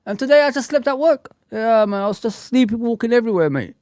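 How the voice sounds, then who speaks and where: A man hosting a casual livestream chat, talking in an animated, rambling, slangy way. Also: very high voice, fairly quick, hardly any pauses, no echo, studio quality. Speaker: host.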